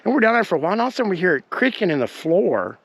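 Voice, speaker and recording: A man hosting his own show, telling a personal story in an animated, indignant way with many fillers, recorded on a handheld camera. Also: high voice, very fast, no echo. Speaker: podcast host.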